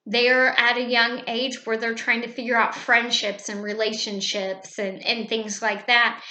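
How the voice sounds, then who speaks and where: A woman teacher calmly explaining how she runs her classroom, speaking in a measured way with frequent "um"s. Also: on the high side. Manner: calm, measured, with many fillers. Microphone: webcam. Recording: echoey room.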